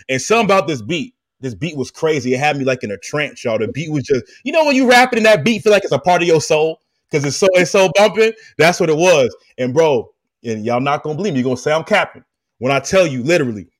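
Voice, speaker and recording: A man hosting a podcast, telling a personal story in an animated, emphatic way and talking straight to his listeners with slang. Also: fairly high pitch, dry recording, clean studio sound. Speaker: podcast host. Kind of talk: casual storytelling chat.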